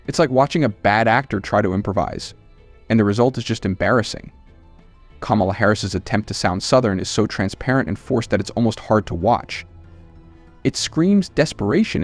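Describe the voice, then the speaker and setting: A man hosting a channel, reading scripted political commentary in a scornful, emphatic way. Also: mid-range voice.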